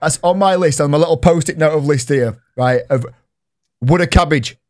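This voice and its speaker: Yorkshire man, podcast host, chatty, laughs a lot, fairly high voice. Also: normal speed. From Yorkshire, England. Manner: chatty, laughs often, reads out shout-outs. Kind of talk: casual chat on a live-streamed podcast.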